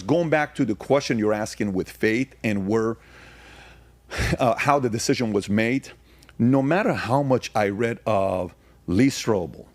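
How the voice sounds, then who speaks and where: A man's voice: mid-range voice, no room sound. A middle-aged man giving his testimony as a podcast guest, speaking emphatically and telling stories, repeating phrases to drive points home.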